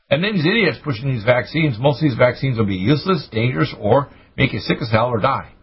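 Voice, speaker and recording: A man hosting a radio show, ranting urgently and preachily with sudden high-pitched bursts. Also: animated, fast talker, hardly any pauses, breathy edge, highs cut off. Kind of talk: impassioned radio talk.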